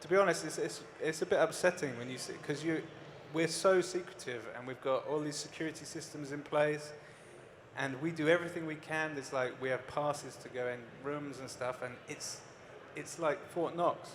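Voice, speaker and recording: Male panelist, higher pitch, earnest and frustrated tone. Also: fairly even intonation, moderate pace, slight background noise. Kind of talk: panel answer.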